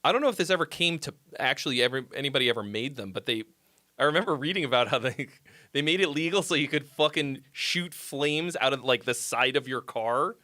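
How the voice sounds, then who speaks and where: A man hosting a live stream, chatting casually with viewers in a rambling, profane, excitable way and answering their comments. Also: medium pitch, a little fast. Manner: reads viewer comments aloud and replies. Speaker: livestream host giving song critiques.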